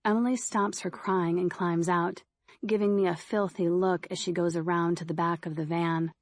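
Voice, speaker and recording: A woman with a low voice reads first-person horror fiction in a steady, measured way. She is recorded on a close studio mic with a dry, dead sound. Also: no echo. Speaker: audiobook narrator.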